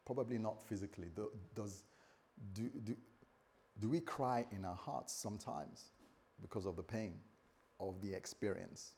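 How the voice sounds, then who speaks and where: A man's voice: fairly low pitch, normal speed, warm tone, a little hiss or hum. A man preaching a conversational sermon, often repeating words and acting out the voices he quotes.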